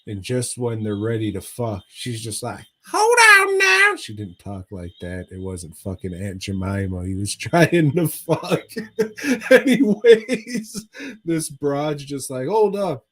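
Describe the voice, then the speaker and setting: A man's voice: lowish voice, unhurried. A man co-hosting a podcast, recapping a movie in casual chat as a profane, rambling storyteller. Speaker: podcast co-host.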